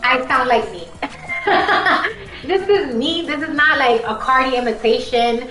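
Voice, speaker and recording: A woman's voice: high voice, expressive, normal speed, pushed and bright. Chatty Bronx Puerto Rican woman streamer. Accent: Bronx Puerto Rican New York. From Bronx, New York. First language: Spanish. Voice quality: heavy accent. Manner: chatty, rambling, talks straight to viewers. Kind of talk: casual live-stream chat. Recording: echoey room with music behind.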